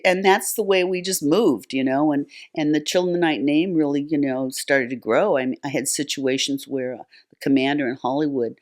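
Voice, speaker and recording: A talk show guest who runs a nonprofit, this older woman speaks a little fast with few pauses, her low voice carrying a darkish tone. She tells long stories in a chatty manner, with many fillers and restarts.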